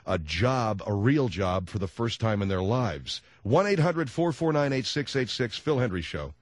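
Male radio host, mid-pitched, brisk and deadpan. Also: background noise. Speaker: radio talk show host. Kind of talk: talk radio hosting.

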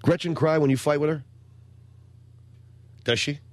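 A man hosting a radio talk show, telling rambling stories and acting out quotes in a higher voice before reading announcements. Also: fairly even intonation, measured pace, dry recording. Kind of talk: casual radio chat and announcements.

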